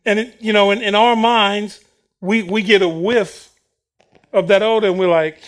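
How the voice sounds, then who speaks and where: A man's voice: high-pitched, moderate pace. A man preaching a sermon, acting out the Bible characters' words with bursts of laughter. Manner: animated, acts out Bible quotes with laughter.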